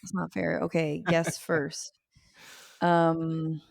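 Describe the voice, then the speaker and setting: A woman comedian and journalist, a podcast guest, telling funny stories in an animated way and swearing freely. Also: sits low, takes it slowly, vocal fry, dry recording, studio quality. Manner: animated storytelling, swears freely, acts out quotes. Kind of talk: casual podcast chat.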